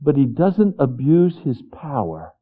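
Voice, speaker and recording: A man preaching a sermon as pastor, earnest, swinging between hushed, quiet passages and fervent, raised ones. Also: medium pitch, sing-song, a little slow, husky. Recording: tinny phone-like sound.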